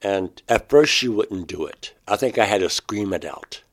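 A man, a painter, recounting a strange personal experience in an interview, halting and restarting mid-phrase, his voice climbing sharply when he quotes himself. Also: on the low side, expressive.

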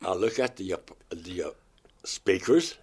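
A man's voice: low voice, expressive, unhurried, darkish tone, husky. A man being interviewed, earnestly telling a first-person story and acting out his own past words. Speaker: interview guest. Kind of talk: first-person account of an abduction experience.

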